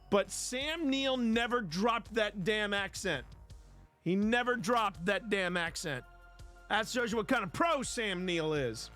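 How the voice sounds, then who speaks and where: Guy hosting a stream, rambly and jokey, kinda high voice that bounces around a lot. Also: takes it slowly, soft background music. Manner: animated, joking, rambling. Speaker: livestream host. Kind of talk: casual livestream chat.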